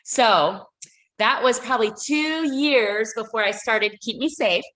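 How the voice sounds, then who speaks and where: A woman's voice: a little high, measured pace, a bit bright, low-quality recording. A woman, a business owner, telling a personal story as a guest on a radio interview, emotional and rambling with many fillers and restarts.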